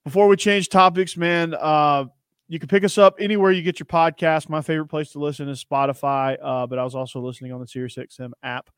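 A man's voice: a little high, fairly even intonation, a little fast, clean tone, dry recording, studio quality. A man hosting a sports podcast, chatting and telling stories in an upbeat way. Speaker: podcast host. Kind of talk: casual sports podcast chat.

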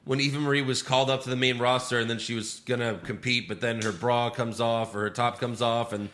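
A man's voice: medium pitch, fairly even intonation, fairly quick, fairly bright tone, a little hiss or hum. A man hosting a casual wrestling podcast, recapping matches with sarcasm and swearing. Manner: sarcastic, swears, acts out quotes.

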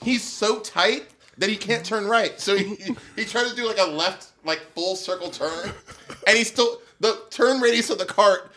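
A man's voice: high voice, normal speed, slight background noise. A man telling a story in casual chat, laughing often and acting out what people said. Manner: animated, laughing, acts out quotes.

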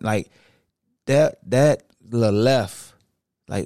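A young man hosts a sports podcast in a relaxed, slangy, conversational way. His voice sits at an average pitch, and it is recorded close and dry with no room sound. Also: slow pace, vocal fry, long pauses, no echo. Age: young adult. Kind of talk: casual podcast talk.

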